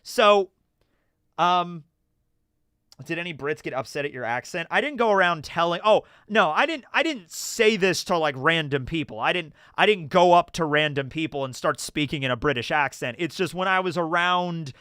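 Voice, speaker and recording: A man's voice: fairly high pitch, moderate pace, clear, resonant tone, no echo, studio quality. A young American man rambling through stories on a casual livestream, reading chat questions and answering with lots of fillers. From United States. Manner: rambling, animated storytelling with many fillers.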